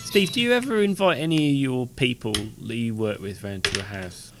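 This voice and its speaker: A man, a scientist co-hosting a podcast, chatting in a jokey, animated way. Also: mid-range voice, normal speed, over music. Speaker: podcast co-host, associate professor. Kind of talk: casual chat.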